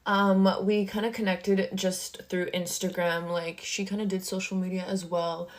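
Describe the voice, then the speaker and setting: A woman's voice: mid-range voice, level tone, normal speed. A young woman talking casually and in an exasperated tone from her bedroom makeup table. She tells a storytime vlog and fills it with lots of filler words. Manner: chatty, exasperated, heavy use of filler words. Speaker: social media creator.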